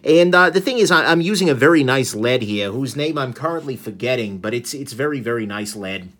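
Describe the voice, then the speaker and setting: A man's voice: mid-range voice, expressive, fairly quick, a bit bright. A man giving a casual product review, enthusiastic and rambling, full of fillers, restarts and wry asides. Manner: wry self-deprecating asides.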